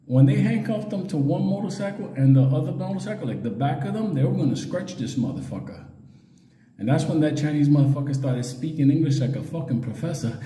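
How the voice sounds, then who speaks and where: A middle-aged man tells a rowdy story, swearing constantly and breaking into laughter. His voice sits fairly high for a man but has a dark, mellow tone. The sound carries a roomy echo with a long reverb. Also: fast. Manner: animated, laughing, heavy swearing. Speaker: show host. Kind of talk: profane casual storytelling.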